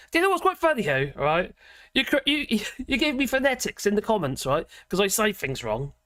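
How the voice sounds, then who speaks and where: Woman, livestream host, casual rambling chat, very animated pitch, dry sound. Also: normal speed, pauses often, dry recording. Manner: rambling, chatty, self-interrupting with frequent laughs. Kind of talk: casual live chat reading viewer comments.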